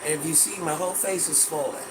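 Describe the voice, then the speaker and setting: Sassy man chatting over a loud hum. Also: a little high, fairly even intonation, fast. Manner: sassy, calls viewers baby, scolds and repeats itself. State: stuffy from allergies. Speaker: live streamer reading viewer comments. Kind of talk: casual live-stream chat. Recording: loud background noise, air conditioner hum.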